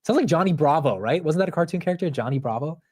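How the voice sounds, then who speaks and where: A man's voice: on the high side, animated, fast talker, a little mellow, slightly rough. A man hosting a live market show, talking casually with slang and thinking aloud. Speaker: livestream host.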